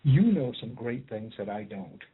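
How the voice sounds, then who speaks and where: A man speaking as a guest healer, explaining his ideas calmly and at a measured pace. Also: medium pitch, slightly rough. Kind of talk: explanatory talk. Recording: tinny phone-like call audio.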